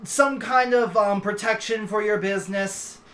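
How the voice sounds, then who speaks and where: A man's voice: sits high, steady tone, a little slow, fairly bright tone, slight background noise, voice pushed up. A man voicing a greedy, fawning two-headed dragon king who repeats "yes, yes" endlessly while his two heads bicker.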